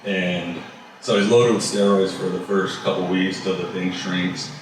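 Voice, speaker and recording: A man with a deep, low voice talks in a loose, conversational way, leaning on fillers and dropping the occasional curse. He sits back from the microphone in a strongly reverberant room, with faint background noise underneath. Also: flat delivery, unhurried. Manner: loose and conversational, full of "you know" and "like", swears casually. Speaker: barbecue business owner, guest. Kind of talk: casual interview storytelling. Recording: very echoey room, voice far from mic.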